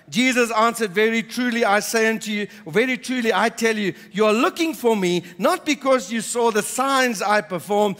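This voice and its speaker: A man's voice: high voice, a bit bright, big-room sound. A man preaching a sermon, reading scripture aloud and then explaining it with emphatic repetition. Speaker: pastor. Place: church.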